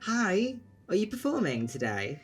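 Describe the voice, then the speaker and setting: A man's voice: high voice, wildly swooping pitch, a little slow, soft background music, pitched above the performer's own voice, full character voice. A man voicing Ruby, a breezy young woman who talks lightly and politely, in a tabletop game. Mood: cheerful. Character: elegant young woman, friendly sister of the bartender's customer.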